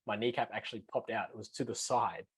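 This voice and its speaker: A man's voice: lowish voice, fairly even intonation, fast, husky, dry recording. An Australian man co-hosting a podcast, laughing often and swearing as he tells a story. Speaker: podcast co-host. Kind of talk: casual podcast chat.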